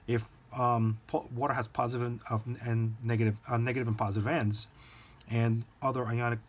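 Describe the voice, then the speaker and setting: A man's voice: medium pitch, level tone, a little fast. A man teaching a recorded lecture, talking informally and directly to his students, with light jokes.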